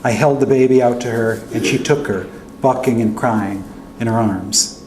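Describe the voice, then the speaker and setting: Male author reading fiction at a podium, mid-pitched, echoey hall. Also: normal speed. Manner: steady first-person narration. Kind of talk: reading his fiction aloud. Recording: echoey hall with faint hum.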